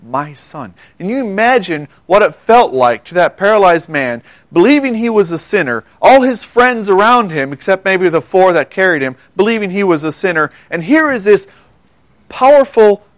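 A man preaching a sermon, earnest, asking his listeners questions, dropping quiet for quoted words and often repeating words as he goes. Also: high voice, no echo. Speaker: pastor.

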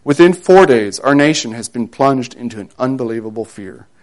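A preacher telling a dramatic second-person story in a sermon, dropping low and quiet on grave moments. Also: male voice, animated, moderate pace.

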